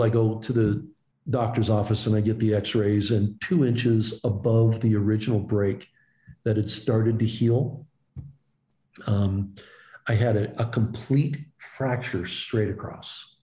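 Man telling a story in an echoey room. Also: fairly low pitch. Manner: animated anecdotal storytelling, self-deprecating. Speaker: interview guest, former baseball pitcher. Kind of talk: storytelling in an interview.

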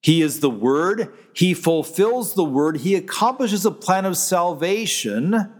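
A pastor preaching a sermon in an easy, conversational way, often restarting his sentences as he explains scripture. His voice sits a little high for a man, and it carries a long reverb from the church hall around him. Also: animated, unhurried.

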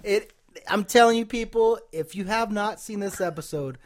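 A man co-hosting a podcast, chatting casually and enthusiastically with quick interjections. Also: high-pitched. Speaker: podcast co-host. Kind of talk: casual chat about a TV show.

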